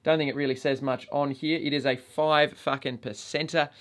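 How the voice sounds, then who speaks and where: A man's voice: on the high side, little pitch movement, normal speed, a bit bright. A man with an Australian accent hosting a casual review vlog, swearing constantly in a blokey, joking way. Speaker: vape reviewer and channel host.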